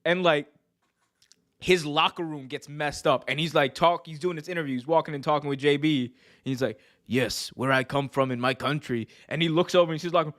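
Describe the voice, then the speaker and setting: Male podcast co-host, casual slangy chat, animated delivery with lots of laughs, slightly high voice. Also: a little fast.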